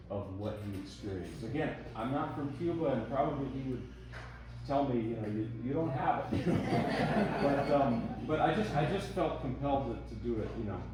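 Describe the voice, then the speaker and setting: A man introducing pieces at a recital, talking in a relaxed, rambling and self-deprecating way. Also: mid-range voice, background noise. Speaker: pianist giving a recital talk. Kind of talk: casual spoken introduction between pieces. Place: recital hall. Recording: echoey hall, voice heard from far off.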